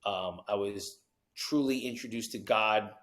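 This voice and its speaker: A man from New Jersey, a podcast guest telling his story with animated energy and acted-out quotes. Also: fairly low pitch, a little slow. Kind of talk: storytelling interview.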